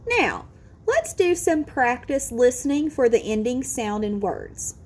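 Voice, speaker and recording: A kindergarten teacher, a woman, talks slowly and gently, stretching each sound so small children can follow. Her voice sits high and bounces around with lots of melody. A soft, slightly breathy edge runs through it. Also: sing-song. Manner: drawn-out, exaggerated sounding out of words, sing-song encouragement. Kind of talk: slow, careful phonics lesson for young children.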